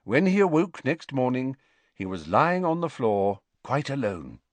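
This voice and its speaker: Dumbledore, a man doing a calm old headmaster. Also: medium pitch, measured pace, no echo.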